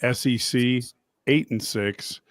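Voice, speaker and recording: A man's voice: medium pitch, slow. A man hosting a casual sports talk stream, reading out conference records in a plain way. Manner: reads out scores and records plainly. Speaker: show host. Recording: clear background noise.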